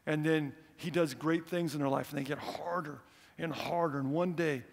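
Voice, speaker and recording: A middle-aged male preacher tells stories from the pulpit with an animated, earnest delivery. His voice is gravelly and sits a bit high. The sound rings with the long reverb of a church hall. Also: normal speed. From United States. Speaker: missionary speaker. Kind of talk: sermon.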